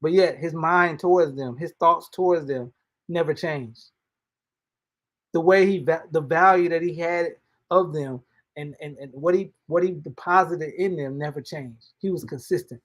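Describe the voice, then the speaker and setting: Slightly high-voiced and at a normal speed, this host and motivational speaker leads a relaxed devotional. His phrasing is homespun and informal, with frequent repetitions and restarts.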